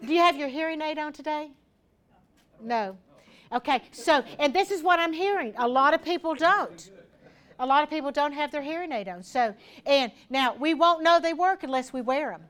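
A woman's voice: sits high, moderate pace, a bit bright, some chatter behind. A woman giving an informal health talk to a small group in a room, chatty and practical, speaking straight to her listeners.

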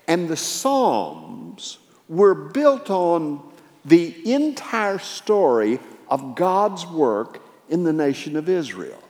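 A man delivers a sermon in a large hall, his voice sitting a little high for a man. He retells scripture dramatically, rising and falling in volume, and the room leaves a long reverb trailing behind him. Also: darkish tone. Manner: dramatic retelling, dynamic pitch and volume swings. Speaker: preacher.

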